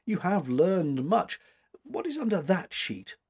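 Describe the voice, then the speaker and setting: A man reading aloud, voicing a sixty-year-old woman art critic with a faint foreign accent, brisk and terse. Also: sits high, big pitch swings, a little mellow, husky, pitched above the performer's own voice, full character voice. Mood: crisp, judging.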